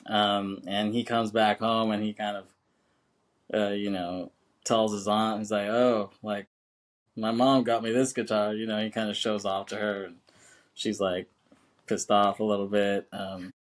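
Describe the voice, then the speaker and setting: A man's voice: on the low side, level tone, a little slow. Male podcast co-host, casual and profane, laughs a lot, acts out quoted lines. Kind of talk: casual film chat.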